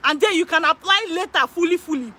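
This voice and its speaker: A woman working as an immigration consultant, talking excitedly to her viewers, repeating phrases for emphasis and laughing often. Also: extremely high pitch, fast, slight background noise. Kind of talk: excited direct-to-camera talk. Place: in Canada.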